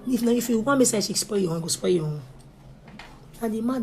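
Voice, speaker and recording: A young woman with a Nigerian Pidgin English accent, chatting straight to her viewers in a pleading, animated way that drops to a hush and rises loud. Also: mid-range voice, quick pace, noisy background. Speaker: vlogger. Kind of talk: casual direct-to-camera talk.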